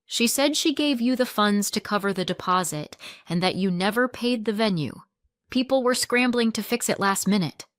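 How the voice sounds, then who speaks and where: A woman's voice: medium pitch, moderate pace, no echo, lightly acted. A woman voicing a kind, hesitant fellow school mom who speaks carefully, in a plain voice close to her own. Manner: careful, gentle.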